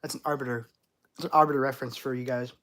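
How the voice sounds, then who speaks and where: A man's voice: medium pitch, steady tone, rapid-fire, a bit bright, a little hiss or hum. A man hosting a live stream, reading chat questions aloud with playful, jokey overreactions. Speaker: channel host.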